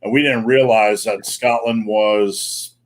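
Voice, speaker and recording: A man's voice: on the low side, steady tone, slow pace. Casual joking male live-stream host. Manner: casual, loose, joking, many fillers.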